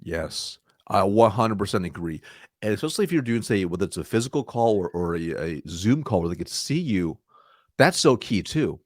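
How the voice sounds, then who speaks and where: A man's voice: on the low side, no room sound, clean studio sound. A man guest on a podcast, a sales trainer talking energetically and acting out sales dialogue. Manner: energetic, acts out sales dialogue in quick asides. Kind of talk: conversational interview.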